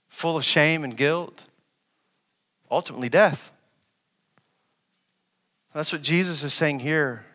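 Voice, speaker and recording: In this sermon, a male pastor from West Africa alternates between loud, raised delivery and quiet, low passages. His voice is bright and a little high, he asks the congregation questions and repeats phrases for emphasis, and a long reverb tail follows his words.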